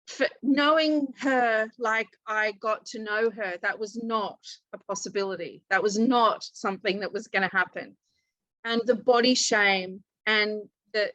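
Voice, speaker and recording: A woman self-love coach, guest in a casual interview, retelling a story with lively quoted dialogue. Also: medium pitch, no echo, low-quality recording.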